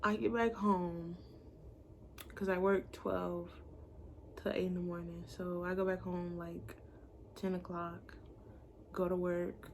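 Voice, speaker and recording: A young woman gives a casual storytime vlog in a medium-pitched, gravelly voice. She is blunt and profane and acts out the voices of the people she quotes. A faint hiss of noise sits behind her. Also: flat delivery, slow, pauses often.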